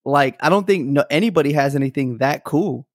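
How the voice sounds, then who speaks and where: A man's voice: fairly high pitch, a little fast, dry recording, studio quality. A man who is a guest on a podcast, chatting casually in an easygoing, wry way. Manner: easygoing, wry, laughs often. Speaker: podcast guest, hardcore band vocalist. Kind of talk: casual chat.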